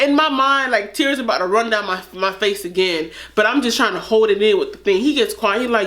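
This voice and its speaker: A young woman vlogger telling a casual story, animated and blunt, swearing freely. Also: on the high side, fairly quick, few pauses.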